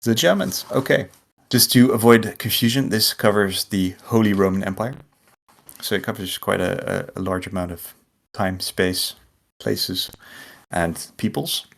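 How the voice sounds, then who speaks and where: Deep gravelly-voiced man, rambling. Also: a little slow. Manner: rambling, lots of likes and restarts. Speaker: podcast co-host. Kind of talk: casual podcast chat.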